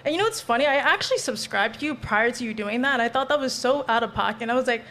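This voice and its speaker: A woman's voice: on the high side, lively intonation, fast talker, fairly bright tone. A woman on a podcast panel, confronting a guest in a heated debate.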